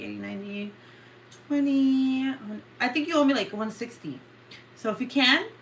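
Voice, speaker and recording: A woman's voice: mid-range voice, a bit bright, slight background noise. A woman hosting a casual livestream, joking with viewers, swearing freely and often breaking into laughter. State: coughing. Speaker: livestream host.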